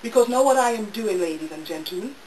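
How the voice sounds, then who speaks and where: A woman's voice: mid-range voice, lively intonation, quick pace, a little mellow. A woman speaking to an audience at a public talk, telling her own story with intensity and repeating her phrases. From United States. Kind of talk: personal testimony to an audience. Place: bookshop event room. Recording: roomy, distant, faint hiss.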